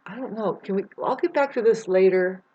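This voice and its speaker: A woman talking in a rambling, meandering monologue, jumping between loud bursts and low mutters and swearing freely. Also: a little fast, a little hiss or hum. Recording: dull lo-fi sound.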